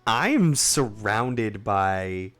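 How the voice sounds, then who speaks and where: A man's voice: fairly low pitch, big pitch swings, drawn-out words, a bit bright. A man in his thirties, chatting casually and teasingly while streaming a game, laughing often.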